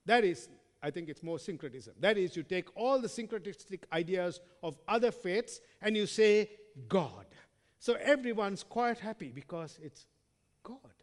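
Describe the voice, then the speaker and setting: A man preaching with a fairly high voice, reading scripture and putting questions to the listeners. He swings from forceful emphasis to hushed, trailing words. His voice rings out with a long reverb, as in a large hall. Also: lively intonation, moderate pace. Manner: addresses listeners as friends, asks rhetorical questions.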